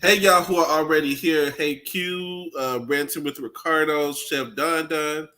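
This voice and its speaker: A man hosting a casual chat panel, easygoing and quick to laugh. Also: fairly high pitch, fairly even intonation, sharp tone. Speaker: host.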